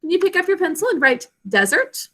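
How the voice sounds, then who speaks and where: A woman's voice: extremely high pitch, very animated, a little fast, fairly bright tone. A woman teaching a children's literacy lesson, patiently sounding out each word syllable by syllable. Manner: patient, sounds out words clearly.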